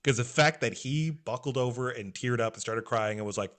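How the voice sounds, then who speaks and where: A young adult man co-hosting a podcast, recapping a story in an animated, emotional way. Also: mid-range voice, normal speed, hardly any pauses. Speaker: podcast co-host.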